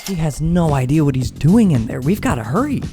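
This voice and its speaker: Animated young man narrating a comedy vlog. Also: fairly high pitch, brisk. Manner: animated, exclaiming, self-bantering. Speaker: YouTube creator. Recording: faint music behind.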